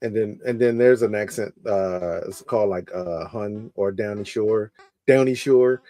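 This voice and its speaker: A man from Maryland co-hosting a podcast in casual chat, laid-back and slangy, often trailing off quietly. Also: fairly low pitch, measured pace, no room sound. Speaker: podcast co-host.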